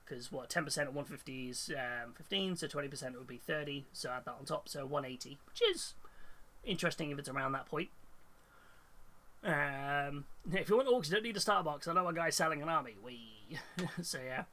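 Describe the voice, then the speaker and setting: A man's voice: a little high, fairly quick, bright, forceful tone, a little hiss or hum. Congested man chatting casually. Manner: rambling, thinks aloud with many fillers and restarts, reads chat. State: congested with a cold. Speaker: hobby streamer. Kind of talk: casual live-stream chat.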